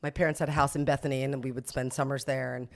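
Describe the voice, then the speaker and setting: A middle-aged woman, a podcast guest, telling an anecdote in an animated, self-mocking way, laughing often and acting out the voices of people in her story. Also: extremely low pitch, fast, gravelly. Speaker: podcast guest, boutique owner.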